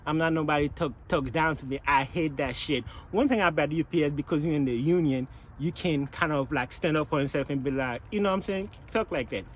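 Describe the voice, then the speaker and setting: A man's voice: fairly high pitch, fairly quick, hardly any pauses, slight background noise, low-quality recording. Profane, fired-up man venting. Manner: profane, repetitive, animated storytelling. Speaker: vlogger, package handler. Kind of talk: casual venting monologue.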